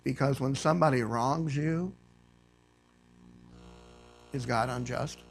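A man preaching a sermon to a church congregation. He reads scripture aloud and rises to loud, emphatic preaching. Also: mid-range voice, slow pace, vocal fry, a little hiss or hum. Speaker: guest preacher.

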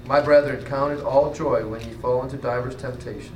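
A man's voice: mid-range voice, steady tone, fairly quick, a little mellow, echoey room, recorded from a distance, a little hiss or hum, poor audio. A man in the congregation reading scripture aloud when the pastor calls on him.

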